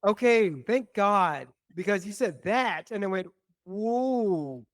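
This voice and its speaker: Young male co-host, notably high pitch, playful and teasing. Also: unhurried, a bit bright, no room sound, studio quality. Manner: teasing, jokey, exaggerated reactions. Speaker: podcast co-host. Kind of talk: casual chat.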